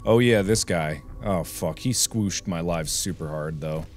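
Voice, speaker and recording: A young man hosting a gaming video, swearing a lot as he swings from low muttering to angry yelling. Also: a little slow, soft background music. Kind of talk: frustrated let's play commentary.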